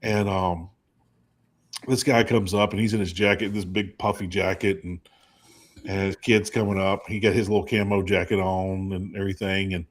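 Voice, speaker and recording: A man, co-hosting and telling a rambling, animated story in casual chat. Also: moderate pace. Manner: rambling, animated storyteller with high put-on quoted voices. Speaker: co-host.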